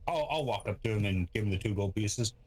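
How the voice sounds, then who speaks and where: A man's voice: lowish voice, expressive, fast, a little mellow. A man playing a tabletop game, speaking easygoing and in character. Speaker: player.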